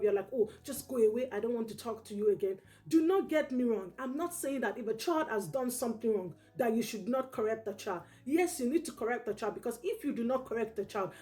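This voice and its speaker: A woman's voice: on the high side, warm tone. A woman giving parenting advice straight to camera, earnest and repetitive, checking in with her listeners by saying "okay?" again and again. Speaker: parenting educator.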